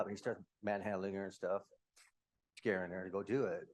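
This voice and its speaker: A man in his fifties from Utah, candidly telling his own life story to a room, with quick asides. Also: low-pitched, flat delivery. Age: 50s. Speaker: speaker. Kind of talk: personal story talk.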